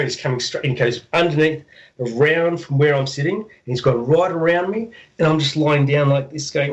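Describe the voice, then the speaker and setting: A man, a radio guest, telling a story in a casual, animated way, repeating words and acting out the sounds. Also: a little high, fairly quick, poor audio.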